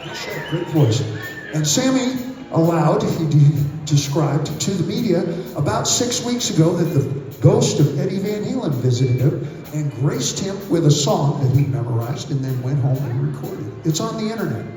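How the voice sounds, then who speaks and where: A man's voice: on the high side, very animated, normal speed, warm tone. An older man telling profane, theatrical stories between songs on stage at a concert. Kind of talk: onstage storytelling banter. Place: large concert venue. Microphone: handheld stage mic. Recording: echoey live concert audience recording. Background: band music and cheering crowd.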